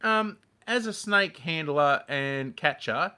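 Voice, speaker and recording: A man's voice: a little high, lively intonation, takes it slowly, sharp tone, smooth. A man co-hosting a farm channel live stream from home, chatting casually in a jokey, self-mocking way. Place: home living room.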